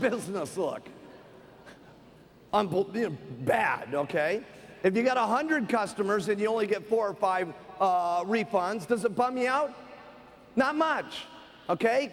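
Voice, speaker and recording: A man giving an energetic motivational seminar talk, storytelling and often checking in with "okay?". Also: high-pitched. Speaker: motivational speaker. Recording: live hall recording with long reverb.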